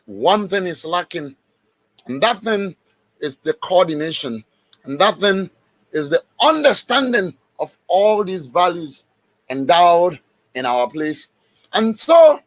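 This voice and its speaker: A man speaking on a radio broadcast, giving an impassioned, emphatic address that repeats phrases and bursts into raised, shouted stretches. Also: sits high, dry recording. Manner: emphatic, repetitive and exhorting, with sudden raised outbursts.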